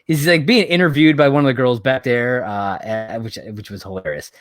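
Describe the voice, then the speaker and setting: A man's voice: medium pitch, fairly quick, no room sound. Profane, exasperated male podcast host, dry sound. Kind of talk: casual wrestling recap chat.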